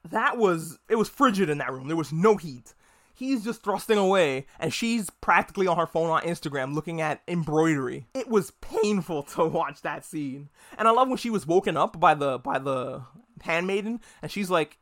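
A man hosting a podcast, recapping a TV episode in a casual, profane, joking way and acting out the characters' lines in quick voices. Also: a little high, expressive, fairly bright tone. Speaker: podcast host reviewing a TV episode. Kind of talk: casual recap with acted-out quotes.

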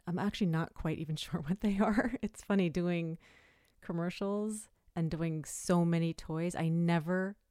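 A woman's voice: on the low side, dark tone, dry recording, clean studio sound. A woman who is a voiceover artist hosting her own podcast, talking in a chatty, rambling way and often correcting herself. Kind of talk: casual solo podcast talk.

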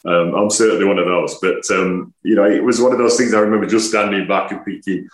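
A former footballer speaking hesitantly in an interview, with many fillers. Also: male voice, low-pitched, fairly even intonation, fast. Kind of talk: casual interview. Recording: echoey room.

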